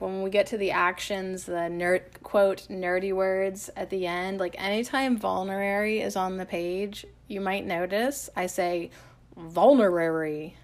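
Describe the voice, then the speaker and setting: Slow, playful woman hosting an herb lesson. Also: mid-range voice. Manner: playful, chatty, self-deprecating. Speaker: herbal podcast host. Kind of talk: casual podcast lesson.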